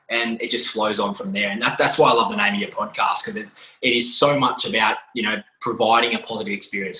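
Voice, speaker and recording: A physiotherapist guest on a podcast tells stories in a casual, rambling way, animated and often restarting his sentences. His voice is lowish, and the poor audio carries an echoey room.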